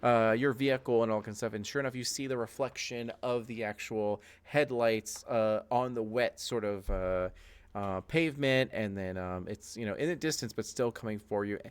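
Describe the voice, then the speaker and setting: A man's voice: fairly low pitch, normal speed, clean tone. Rambling man running a tabletop game. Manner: rambling, filler-heavy, loose and chatty. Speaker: game master.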